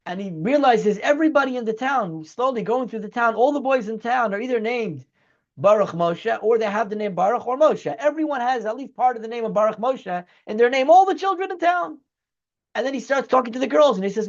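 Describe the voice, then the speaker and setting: High-voiced rabbi telling a story. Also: male voice, expressive, brisk, muffled recording. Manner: earnest, acts out dialogue in story. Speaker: rabbi teaching a weekly class. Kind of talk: storytelling lecture.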